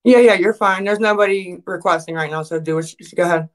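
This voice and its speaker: A woman's voice: on the low side, fast. A woman hosting a casual online voice chat and taking callers. She is defensive and swears heavily when angry. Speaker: stream host taking callers.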